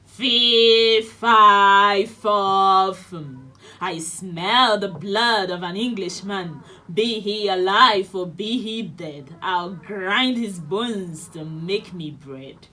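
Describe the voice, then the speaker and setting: A woman voicing a huge, menacing male giant in a storybook reading, bellowing slowly and loudly. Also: exaggerated voice. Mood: roaring. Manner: booming slow bellowing.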